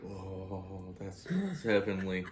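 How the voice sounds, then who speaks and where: A woman's voice: extremely low pitch, big pitch swings, takes it slowly, noisy background. A woman tasting snacks in casual chat, teasing her co-host and hamming it up. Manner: teasing, playful put-on voices. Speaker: snack taster. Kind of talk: casual taste-test chat.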